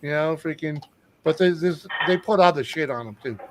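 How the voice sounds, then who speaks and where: A man's voice: a little high, normal speed, noisy background. A man hosting a casual stream chat, swearing freely and joking with friends. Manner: profane, laughing, joking. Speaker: stream host.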